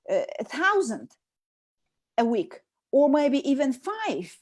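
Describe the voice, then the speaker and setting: High-voiced Russian-accented woman coach. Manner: fast, emphatic, energetic, coaching tone. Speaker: transformation coach, co-host. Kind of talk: casual video chat.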